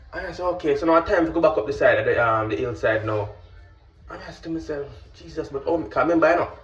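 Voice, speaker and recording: Man telling a story, echoey. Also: mid-range voice. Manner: animated, keeps asking "you understand?". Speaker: vlogger and pilot. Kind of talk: casual storytelling to camera. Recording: roomy, distant, dull with faint music.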